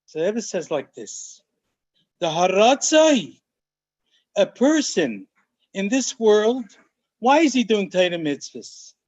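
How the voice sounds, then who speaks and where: A rabbi with a fairly high-pitched voice gives a Torah study lecture, animated and emphatic. He slows down to lean on key phrases and mixes in Hebrew and Yiddish terms as he explains. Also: muffled recording. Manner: animated, emphatic teaching, often slowing to stress key phrases. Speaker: rabbi teaching a class.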